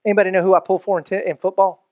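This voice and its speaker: Lively pastor preaching casually. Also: male voice, high-pitched, rapid-fire, highs cut off, a crowd in the background. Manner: animated, conversational preaching with jokes and acted-out quotes. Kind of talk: sermon.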